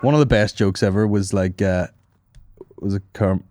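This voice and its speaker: A young man rambles through a comedic podcast monologue, swearing freely and laughing at his own jokes. His voice sits on the low side. The recording is dry and close, with no room sound. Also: big pitch swings, a little slow, darkish tone, no room sound.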